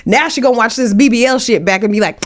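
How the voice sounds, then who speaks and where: A woman's voice: a little high, fast. A woman giving a sassy, slangy recap of a reality show in casual commentary.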